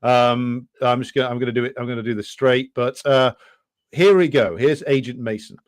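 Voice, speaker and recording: A man's voice: mid-range voice, steady tone, fairly quick. Sardonic man reading and mocking. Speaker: podcast co-host. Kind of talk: casual political chat, reading quotes aloud.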